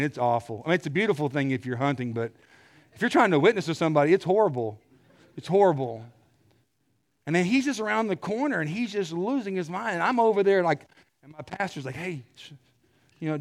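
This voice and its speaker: A middle-aged man preaching a sermon, telling stories with animated energy and clearing his throat often. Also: fairly high pitch.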